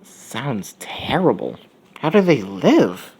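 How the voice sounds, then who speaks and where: A man's voice: medium pitch, big pitch swings, slow pace, a little mellow, slightly rough, full character voice, rough recording. A man voicing an exasperated, bossy young woman who reacts with disbelief, recorded on a phone. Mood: incredulous. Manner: incredulous, teasing.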